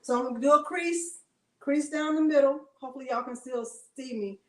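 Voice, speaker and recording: A high-pitched woman runs a live crafting demo from home. She keeps up a chatty, friendly patter, laughing often and addressing her viewers directly. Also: a little fast, a bit bright. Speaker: craft livestream host.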